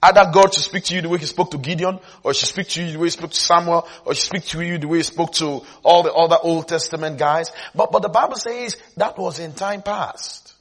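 A man's voice: fairly high pitch, expressive, normal speed, a bit bright, slightly rough. A man preaching a sermon at a Bible school, emphatic, repeating phrases and often asking whether the listeners follow.

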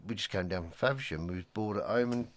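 A man's voice: lowish voice, fast talker. A man telling a rambling anecdote in casual chat, often acting out what people said. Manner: chatty anecdote-teller, slips into quoted voices.

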